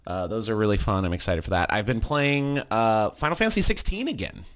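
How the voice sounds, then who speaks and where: A man's voice: lowish voice, animated, a little fast, fairly bright tone. A man co-hosting a gaming podcast in casual chat, swearing freely and ranting with enthusiasm. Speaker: podcast co-host. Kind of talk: casual chat about games.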